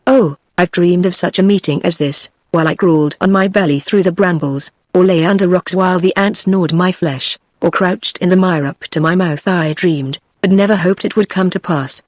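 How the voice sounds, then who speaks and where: A text-to-speech voice of a woman with a British English accent, reading the lines of a savage, vengeful barbarian warrior in an even audiobook tone. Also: on the low side, moderate pace, few pauses, dry recording, natural voice.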